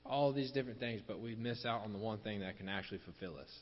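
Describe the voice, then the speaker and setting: Low-voiced man preaching in an echoing hall. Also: fast talker. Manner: repeats key phrases for emphasis, drops softer on closing lines. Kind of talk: sermon. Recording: dull lo-fi sound with long hall reverb.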